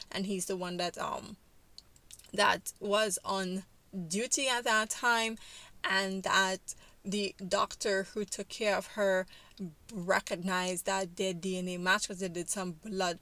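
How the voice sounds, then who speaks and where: A woman retelling a life-sim game story in a chatty, casual way, with lots of fillers. Her voice is bright and crisp. The recording is close and dry. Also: mid-range voice, dry recording. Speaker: YouTuber narrating a game story.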